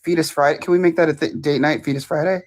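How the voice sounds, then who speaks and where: A woman's voice: low-pitched, fast. A woman hosting a casual live stream, laughing often and poking fun at herself. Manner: laughing, animated, self-deprecating.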